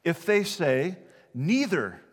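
A man preaching a sermon in an earnest, conversational way, at times laughing lightly and dropping to a soft, low voice. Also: big pitch swings, takes it slowly, breathy edge. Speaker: pastor. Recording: hall reverb.

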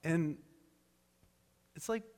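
A man preaching a sermon, retelling a story with animated quoted voices. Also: drawn-out words, big-room sound. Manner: animated storytelling, quoting characters in raised voices.

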